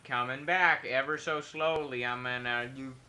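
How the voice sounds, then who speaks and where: A man's voice: medium pitch, fairly even intonation, moderate pace, sharp tone, slight background noise. A man streaming a video game, talking casually and joking in a rambling, mock-patriotic way. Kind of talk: casual gameplay commentary.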